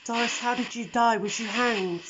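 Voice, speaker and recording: A woman with a fairly high voice calls out to a spirit in a pleading, hesitant way. The recording sounds muffled. Loud radio static hisses behind her. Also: fairly even intonation, normal speed. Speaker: paranormal investigator. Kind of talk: spirit box session.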